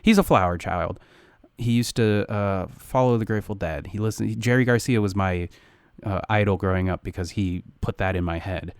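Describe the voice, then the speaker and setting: Young male podcast co-host, lowish voice, dry close mic, crude rambling banter. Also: moderate pace, clear, resonant tone, dry recording. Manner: rambling, crude and jokey, with sudden loud jumps. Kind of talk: casual chat.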